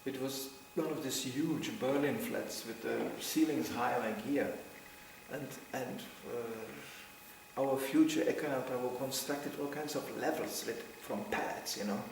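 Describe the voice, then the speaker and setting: A middle-aged man speaks a little slowly in a medium-pitched voice, sharing anecdotes with a devotional gathering. His telling is lively, full of laughter and acted-out quotes. There's slight background noise, lots of echo, and the mic is far away.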